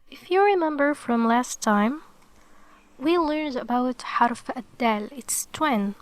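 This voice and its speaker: A woman's voice: sits high, lively intonation, dry recording. A woman teaching the Arabic alphabet to beginners, explaining each step patiently and checking in with "okay". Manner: slow and careful.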